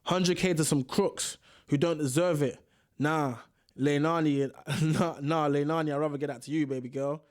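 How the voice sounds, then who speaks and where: A man's voice: fairly high pitch, steady tone, moderate pace, lightly acted. A man voicing a cocky American male boxer firing back on social media, brash and dismissive. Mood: defiant.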